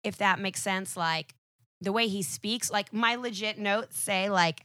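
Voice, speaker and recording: A woman's voice: medium pitch, unhurried, sharp tone, dry recording, studio quality. A young woman guesting on a podcast, chatting casually in a rambling, laughing way full of "like". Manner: rambling, laughing, sprinkled with "like" and swearing.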